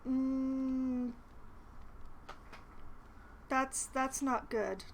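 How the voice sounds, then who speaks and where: A woman's voice: high-pitched, steady tone, very slow, slight background noise, poor audio. A woman casually commentating her playthrough of a fantasy role-playing game at home, chatting and reading dialogue aloud. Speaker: game streamer. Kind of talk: casual let's-play commentary. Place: apartment at home.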